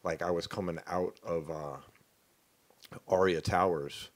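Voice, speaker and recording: A man in his thirties with a slightly low voice, co-hosting a casual podcast. He talks loosely and animatedly, with plenty of cursing in between. His delivery is relaxed, like chatting with a friend. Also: unhurried. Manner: profane, animated storyteller. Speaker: podcast co-host. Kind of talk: casual chat.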